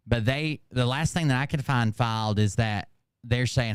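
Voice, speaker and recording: A man's voice: mid-range voice, normal speed, clear, resonant tone, dry recording, clean studio sound. A man hosting casual reaction commentary, sarcastic and hesitant with ums. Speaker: commentary host.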